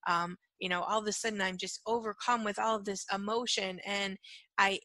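A woman's voice: mid-range voice, fairly even intonation, moderate pace, sharp tone, no echo. A woman casually teaching about energy and emotions, chatty with many "right?" fillers, acting out little quotes in her own voice. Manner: repetitive chanted clearing at the end. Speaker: spiritual teacher.

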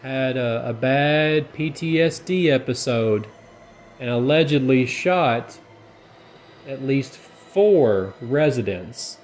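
Guy narrating a ghost hunt real slow, calm logical explainer, faint hiss behind. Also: mid-range voice. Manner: measured, offers logical explanations; crude joking banter. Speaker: paranormal investigator host. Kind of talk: ghost-hunting investigation narration. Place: old hotel at night.

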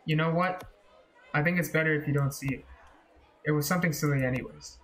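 A man gives voice to a teenage schoolgirl fretting over a hidden secret in a horror game. The read is flat and rushed, sitting a little high. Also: slight background noise, close to an everyday voice. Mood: anxious.

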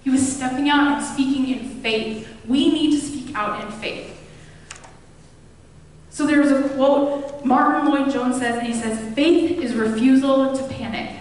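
A woman's voice: high-pitched, measured pace, slight background noise. A woman pastor giving a sermon, retelling scripture stories in a casual, conversational way with everyday voices. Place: church. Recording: echoey hall, mic at a distance.

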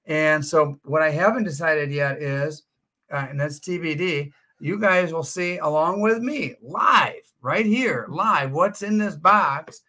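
A man's voice: a little high, measured pace. A man hosting a live auction stream from home, chatting casually with plenty of "uh" fillers. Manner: chatty, relaxed, frequent "uh" fillers. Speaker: livestream auction host. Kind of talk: casual livestream chat.

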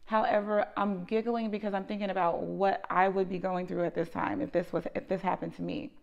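A woman who runs a lice treatment business, telling an animated, emphatic storytime vlog and often tagging her points with "okay?". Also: medium pitch, brisk, creaky, muffled recording.

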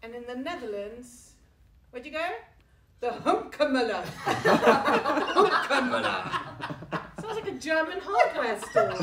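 A woman's voice: sits high, very animated, slow, heavy background noise. A British woman with a British accent giving a comic, self-mocking talk to a live audience, laughing often. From Britain. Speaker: book launch speaker. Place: room with a small live audience. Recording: echoey room from far off.

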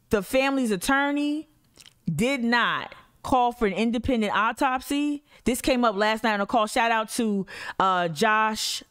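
A woman gives casual commentary as she reads news stories aloud, stopping often to vent in blunt, profane asides. Her voice is smooth and clear, set at a middle pitch. She swings between animated bursts and low, mumbled reading. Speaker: activist commentator.

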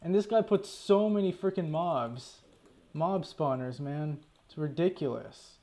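A man's voice: fairly high pitch, lively intonation, a little slow, dark tone. A man casually commentating his own gameplay, talking to himself, stressed, annoyed and swearing often. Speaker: gaming channel host. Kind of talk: casual let's play commentary.

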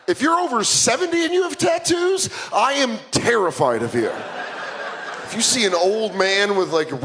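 A man's voice: high-pitched, fairly bright tone, slight background noise. A young man in his twenties performing a stand-up comedy set, self-mocking and punchy.

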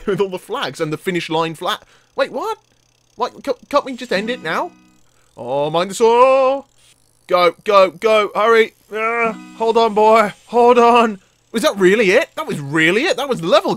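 A man doing let's play commentary, excitable, yelping and laughing at the action on screen. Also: a little high. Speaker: gaming commentator.

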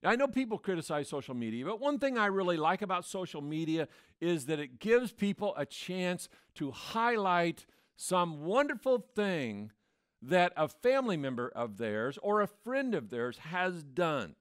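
A man's voice: high-pitched, big pitch swings, a little slow, a bit bright, clean tone. A man preaching a sermon as pastor, in a conversational way that acts out the voices he quotes. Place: church.

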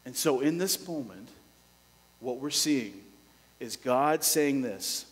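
A male pastor preaching a sermon, dropping to a hush and then rising with urgency. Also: mid-range voice, expressive, slow pace, in a large hall, rough recording. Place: church.

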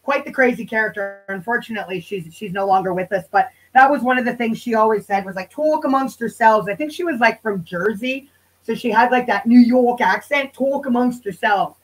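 A woman hosts a loose, rambling commentary stream and talks straight to her viewers. Her voice sits a little high, with a sarcastic and frequently profane edge. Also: a little fast, low-quality recording. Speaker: channel host. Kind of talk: casual commentary livestream.

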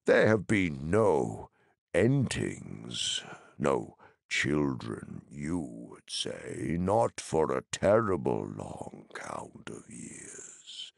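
A man reading an audiobook, voicing an ancient, slow-spoken male tree giant in a deep, creaky rumble. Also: very animated, dry recording, studio quality, full character voice. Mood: ponderous. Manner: slow, ponderous, sorrowful.

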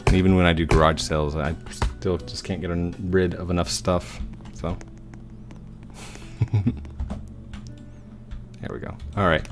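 Man, deep voice, unhurried, casual game commentary, faint music behind. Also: little pitch movement. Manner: easygoing, chatty, talks to himself while building. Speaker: gaming YouTuber. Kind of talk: casual let's-play commentary.

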